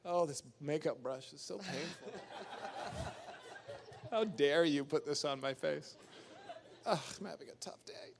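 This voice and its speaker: A man's voice: on the high side, animated, measured pace, gravelly, long pauses, background noise. A man putting on the voice of a whiny, pampered male film actor full of petulant complaints. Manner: petulant, self-pitying complaints.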